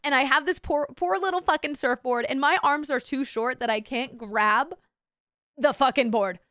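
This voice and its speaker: A woman's voice: high voice, moderate pace, a bit bright, no room sound, studio quality. A young woman streaming as a VTuber, telling a story in casual chat, bubbly and giggly and swearing constantly.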